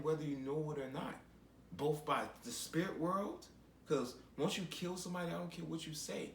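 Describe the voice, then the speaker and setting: A man's voice: fairly high pitch, echoey room, slight background noise. A man giving a rambling, preachy commentary monologue while sitting in a chair at home. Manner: rambling and preachy, with repeated phrases. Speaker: vlogger.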